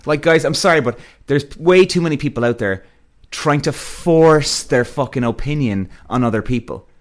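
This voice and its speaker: A man telling a story in a blunt, profane way. His pitch swings up and down a lot, so the telling sounds animated and expressive. He talks in a loose, casual, unscripted style. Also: normal speed. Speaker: podcast host.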